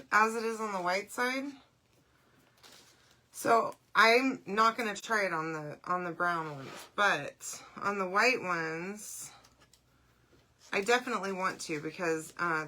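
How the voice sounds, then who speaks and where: Woman in her 40s, craft livestream host, bright forward tone, chatty and reassuring. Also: medium pitch. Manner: chatty, ends steps with a checking "okay?". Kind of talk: live crafting demo chat.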